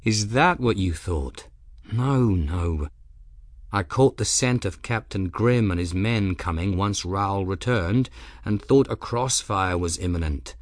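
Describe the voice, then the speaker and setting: A man reading an audiobook, voicing a calm, protective gentleman who speaks in a refined, wordy way. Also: sits low, slow, no room sound, clean studio sound.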